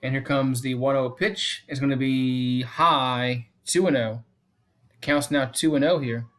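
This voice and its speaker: A man calls a game pitch by pitch for his own fan stream, in a casual, unpolished way. He keeps restating the count and score and turns aside to chat with viewers between pitches. His voice sits at an ordinary middle pitch for a man. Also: fairly even intonation, unhurried, a bit bright. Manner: repeats the count and score often. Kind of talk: casual play-by-play commentary.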